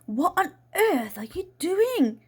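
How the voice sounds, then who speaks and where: Woman voicing a bossy aunt, storybook, sharp scolding, high-pitched. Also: very animated, moderate pace, creaky, full character voice.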